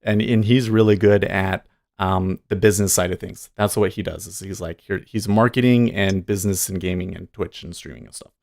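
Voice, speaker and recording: A man's voice: deep voice, steady tone, fairly quick, creaky, a little mellow. A man chatting casually on a live trading stream, rambling and chuckling often.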